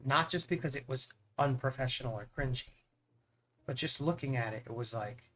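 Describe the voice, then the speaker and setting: A man's voice: medium pitch, moderate pace, fairly bright tone. A man chatting on his live stream in an earnest, rambling way, often repeating words as he starts a thought. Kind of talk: casual chat on a live stream.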